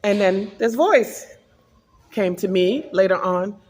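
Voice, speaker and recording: A woman's voice: mid-range voice, slow, darkish tone, big-room sound. A woman vlogger earnestly telling an emotional personal spiritual testimony.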